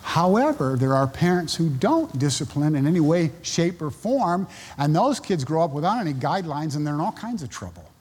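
A man's voice: on the high side, big pitch swings, normal speed, few pauses, darkish tone, slightly rough. Male preacher in a reverberant hall. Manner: storytelling, acts out quoted voices. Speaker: pastor. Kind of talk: sermon.

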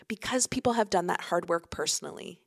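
Woman pastor, podcast guest, lowish voice, earnest, reflective, lots of "um" and "like". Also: lively intonation, brisk. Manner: earnest, reflective, many fillers. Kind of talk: conversational faith podcast.

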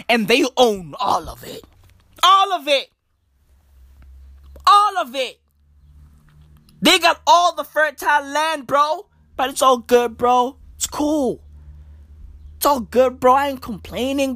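A high-voiced woman, ranting in a comedic monologue that swings wildly up and down in pitch. She mocks and repeats herself for punch and swears freely, with each beat landing slowly and heavily. The sound is close and dry. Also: fairly bright tone, no echo. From South Africa. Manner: repetitive, mocking, punchy, heavy swearing. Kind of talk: profane comedic rant.

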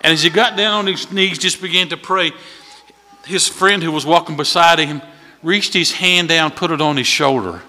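A visiting preacher delivers a sermon in a church sanctuary, telling folksy stories in a bright, forceful voice of fairly high pitch at a moderate pace. He grows louder at key points, and a long reverb trails his words through the hall.

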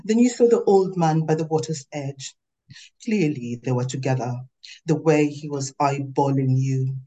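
A woman author reading aloud from her novel in a measured, literary way. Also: low voice, dark tone, poor audio.

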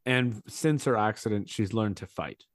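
A man hosting a casual podcast, walking his listeners through a TV challenge moment by moment. He talks in a rambling, animated way, piling on detail as he goes. The sound is dry and close. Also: lowish voice, normal speed, dry recording. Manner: rambling, animated play-by-play retelling.

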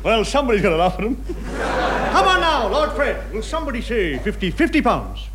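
A man's voice: high voice, big pitch swings, normal speed, a bit bright. A man playing a blustering rich yacht-club boss in a 1960s radio comedy, all mock grandeur and cackles. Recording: noisy old radio recording.

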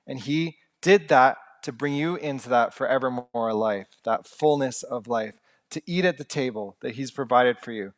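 A man's voice: medium pitch, normal speed. A young man preaching a sermon in an earnest, conversational way with humorous asides.

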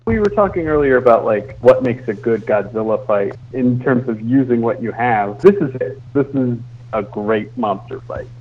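A man co-hosting a podcast in casual chat, enthusiastic and laying out his points one by one. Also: medium pitch. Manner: enthusiastic, methodical listing. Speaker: podcast co-host. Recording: muffled with faint hiss.

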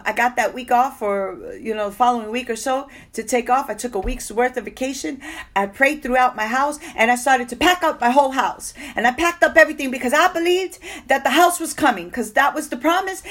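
A woman giving a personal faith testimony, telling her story expressively and acting out what people said. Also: high-pitched. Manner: emotional, expressive storytelling with acted-out quotes. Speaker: testimony speaker.

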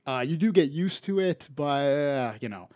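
A man's voice: fairly high pitch, animated, moderate pace, darkish tone, no echo. Rambling Canadian man, dry close sound. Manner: rambling, many fillers and restarts. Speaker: podcast co-host. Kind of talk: casual chat.

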